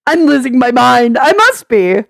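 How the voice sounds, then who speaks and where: Woman vlogger, high voice, sarcastic venting with frequent laughs, dry close sound. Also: animated, normal speed, no room sound. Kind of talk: venting commentary.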